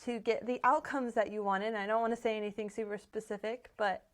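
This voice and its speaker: A woman's voice: mid-range voice, steady tone, quick pace. Rambling enthusiastic woman podcaster. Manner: enthusiastic, rambling, lots of fillers. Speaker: podcast co-host. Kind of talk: casual chat.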